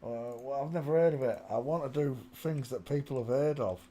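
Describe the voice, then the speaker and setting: A man's voice: medium pitch, a little fast, mellow, a little hiss or hum. A man hosting his own channel. He gives casual commentary while browsing photos, muttering to himself and half-singing between remarks into a small desk microphone. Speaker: channel host. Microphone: small desk microphone close in front.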